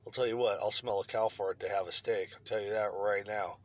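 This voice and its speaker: A man's voice: on the low side, steady tone, brisk. A man delivering a blunt, profane opinion rant to his online viewers. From United States. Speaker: vlogger.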